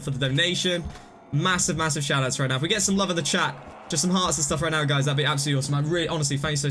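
A young man streaming live gameplay commentary, rambling and mocking his own mistakes, now and then bursting out excitedly. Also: fairly high pitch, slight background noise.

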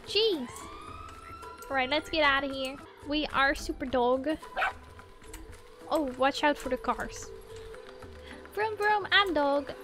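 A woman's voice: high voice, steady tone, takes it slowly, pauses often, fairly bright tone, soft background music. A young woman streaming a game, giggling and squealing as she role-plays as a puppy. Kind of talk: playful gaming stream.

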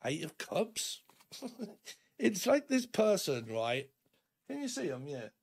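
Gravelly man reading tarot. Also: sits high, huge pitch swings, slow, darkish tone. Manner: rambling and chatty, often laughing; acts out imagined dialogues in shifting voices. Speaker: tarot reader.

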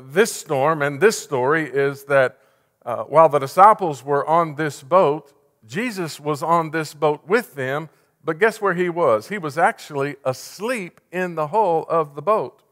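A man preaching a sermon, fervent one moment and hushed the next. His voice sits slightly high, and it rings out with a long reverb in a church sanctuary. He builds to urgent peaks, then drops to near a whisper. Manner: impassioned, swinging from loud urgency to hushed softness. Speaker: pastor.

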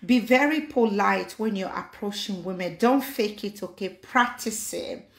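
A woman's voice: mid-range voice, a little slow, echoey room. Chatty woman. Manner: chatty, mixes in pidgin, gives blunt advice. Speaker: vlogger. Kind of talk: casual live-stream chat.

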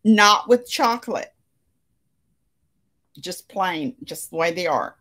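A woman's voice: fairly low pitch, expressive, slow pace, a bit bright. A woman hosting a casual crochet livestream from her living room, chatting with viewers and laughing often. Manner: chatty, reads out comments, frequent laughter. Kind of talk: casual chat with live viewers.

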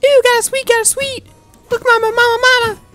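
A man's voice: very high voice, flat delivery, a little fast, sharp tone, faint music behind, voice pushed up. A man voicing a whiny, hyperactive little girl in a visual novel, squealing and repeating childish noises. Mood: excited.

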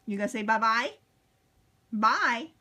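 A woman's voice: on the high side, expressive, unhurried, sharp tone. A woman at home filming her pet cockatoo, cooing and baby-talking to it and laughing often. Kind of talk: casual home video chat. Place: living room at home. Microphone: handheld camera.

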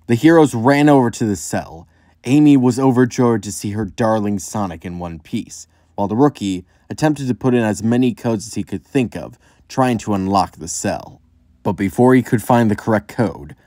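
A man reading a fan story aloud in steady storytelling narration. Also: fairly low pitch, no room sound, studio quality.

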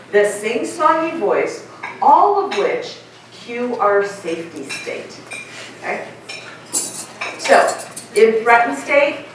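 A middle-aged woman giving a lively conference keynote and asking her audience questions. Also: mid-range voice, slight background noise. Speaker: keynote speaker. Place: large conference hall. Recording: echoey hall, mic from far off.

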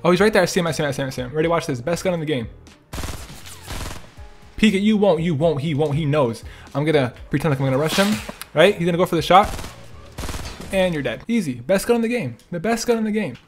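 A young man with a high, bouncy voice that leaps all over its range as he calls out his gameplay. He jokes and trash-talks, shouting boasts one moment and muttering complaints the next, over faint music. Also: quick pace, pauses often. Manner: animated, jokey and trash-talking, swings between loud boasts and mumbled gripes. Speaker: gaming YouTuber. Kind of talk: excited gameplay commentary.

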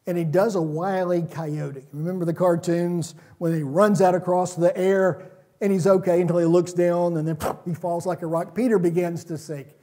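A man preaching a sermon in a church, retelling stories in a relaxed, conversational way. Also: sits high, normal speed.

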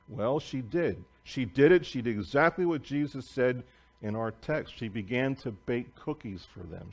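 A man preaching a sermon as pastor, telling a story emphatically and swinging between loud declarations and hushed asides. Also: medium pitch. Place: church sanctuary.

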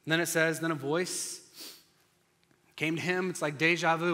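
A male pastor preaching a sermon, telling the story dramatically and swinging between loud and hushed delivery. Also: a little high, steady tone, normal speed. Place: church sanctuary. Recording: long church reverb.

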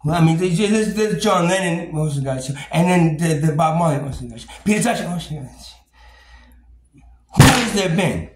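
A man's voice: a little high, expressive, normal speed. Rambling, profane man in an echoey room. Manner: profane, rambling, repeats words and restarts, laughs bitterly. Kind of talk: angry personal rant. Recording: roomy echo, faint background noise.

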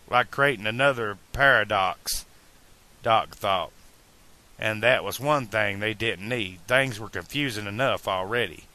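A man narrating an amateur audiobook at an uneven pace, slowing on some phrases. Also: lowish voice, sharp tone.

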